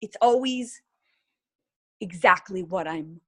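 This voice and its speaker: A woman talking as a podcast guest, animated and reflective, often restarting and trailing off mid-sentence. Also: on the low side, takes it slowly. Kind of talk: casual podcast conversation.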